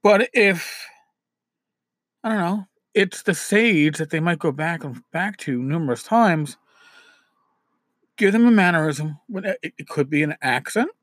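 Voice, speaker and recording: High-ish guy from new york rambling about running games, dry close sound, keeps restarting. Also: expressive, unhurried, pauses often, no room sound. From New York City. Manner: rambling, self-deprecating, with frequent restarts. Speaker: tabletop game master giving advice. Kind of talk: casual advice talk.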